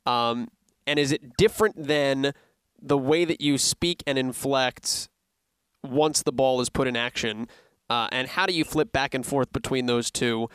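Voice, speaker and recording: A man's voice: mid-range voice, unhurried, fairly bright tone, smooth, no room sound. A man interviewing a broadcaster, asking long questions full of fillers as he searches for his words.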